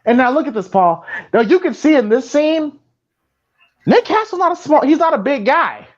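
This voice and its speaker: A man co-hosting a casual movie commentary podcast, profane and excitable, rambling with lots of fillers. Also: very high voice, normal speed, lo-fi sound. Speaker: podcast co-host.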